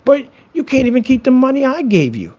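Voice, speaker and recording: A man's voice: extremely high pitch, huge pitch swings, fairly quick, dark tone, slightly rough, highs cut off. A man vlogging a casual, boastful rant to camera, taunting his critics and repeating phrases for effect. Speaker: business owner and vlogger.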